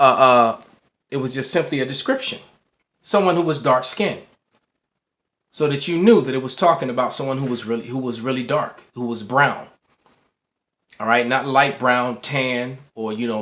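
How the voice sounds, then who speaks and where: A man's voice: medium pitch, fairly bright tone. A man teaching to a camera in a casual way, often restarting words and checking in with "all right". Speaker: bible teacher. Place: indoor room. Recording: roomy echo.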